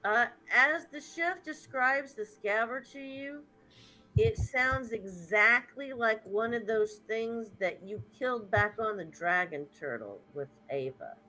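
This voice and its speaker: A woman running a tabletop game as game master, setting scenes slowly with wry asides. Her voice sits mid-pitch, and faint music plays underneath. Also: expressive, sharp tone, poor audio.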